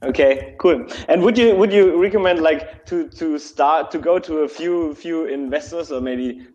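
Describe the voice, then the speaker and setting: A man asking questions in a live online talk in a hesitant, halting way with many fillers. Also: a little high, a little mellow. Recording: dull lo-fi audio.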